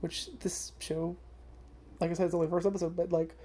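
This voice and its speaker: Chill woman vlogger w a lowish warm voice, rambly, swears a lot, tons of "like". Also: level tone, a little fast, slightly rough. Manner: rambling, swears freely, many fillers. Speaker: anime vlogger. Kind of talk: casual first-impressions chat.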